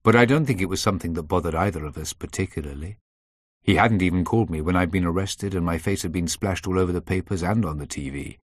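Guy reading a thriller aloud, deep husky voice, measured and tense. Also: dry recording, studio quality. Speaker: audiobook narrator. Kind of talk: scripted narration.

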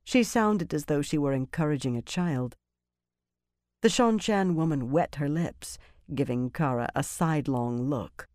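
Low-voiced woman narrating an audiobook. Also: unhurried, darkish tone, no room sound, studio quality. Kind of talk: scripted fantasy narration.

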